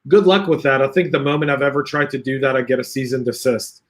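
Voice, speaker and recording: A podcast host runs a casual livestream over a video call, reading viewer comments aloud and joking along with the panel. His voice is medium-pitched and fast, chatty and jokey, with slight background noise.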